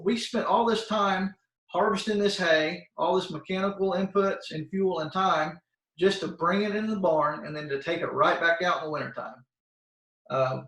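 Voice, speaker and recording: A man's voice: a little high, fairly bright tone. A man giving an informal, plain-spoken educational talk to schoolchildren, full of fillers and restarts, over a video call. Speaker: soil health expert presenting to schoolchildren. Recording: roomy sound, voice far from the mic.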